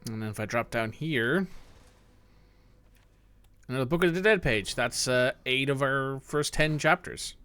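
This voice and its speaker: A man's voice: medium pitch, measured pace, long pauses, sharp tone, clean tone. A man in the middle of a let's-play, talking casually over his game. He chats back and forth with a viewer, his voice in an ordinary middle register. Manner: chatty, talks to a viewer while playing. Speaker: gameplay streamer.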